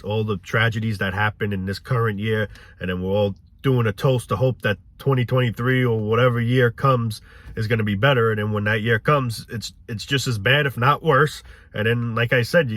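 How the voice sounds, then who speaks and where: Lowish-voiced guy ranting, cynical and rambling, swears a lot. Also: a bit bright, dry recording. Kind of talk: casual ranting monologue.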